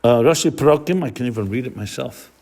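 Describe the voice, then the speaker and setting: A man's voice: mid-range voice, expressive, fast talker, gravelly, mellow. A rabbi giving an explanatory class lecture, explaining step by step and weaving in Hebrew and Yiddish terms. He often stops to search for the right word.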